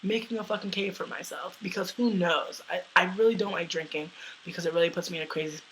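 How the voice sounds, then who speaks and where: Loud, brash young woman telling a story. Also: on the low side, quick pace, slight background noise, poor audio. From United States. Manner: loud, brash and profane, laughs often. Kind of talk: casual personal storytelling.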